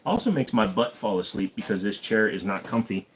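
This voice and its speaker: A man's voice: on the low side, lively intonation, brisk, slight background noise. A man hosting an unscripted live stream, chatting and joking casually, greeting viewers by name and rambling on. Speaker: livestream host of a gun channel.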